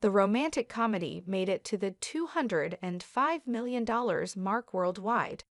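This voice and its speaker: A woman narrating a scripted entertainment news piece in an even, read-aloud delivery. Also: mid-range voice, a little slow, no room sound, clean studio sound.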